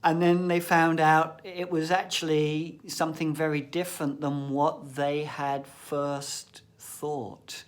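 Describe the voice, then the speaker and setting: A man telling stories and reflections in an expressive, unhurried voice. He sometimes sinks to a breathy whisper on key words. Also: fairly high pitch. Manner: slow, expressive storyteller, often drops to a whisper. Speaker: shamanic practitioner and storyteller. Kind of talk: reflective thought-for-the-day talk with storytelling.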